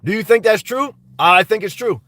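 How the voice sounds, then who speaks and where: Rambling high-voiced man with a dry cough. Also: lively intonation, moderate pace, bright, forceful tone, no echo, recorded from a distance. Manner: rambling, blunt, talks back to chat comments. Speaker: live-stream host reading viewer comments. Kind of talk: casual live-stream chat. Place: inside a car.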